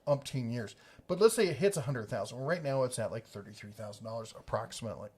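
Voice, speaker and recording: A man's voice: mid-range voice, animated, quick pace, darkish tone, husky. A man hosting a casual livestream, rambling through viewer questions with jokes and restarts. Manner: rambling, joking, self-correcting. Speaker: livestream host.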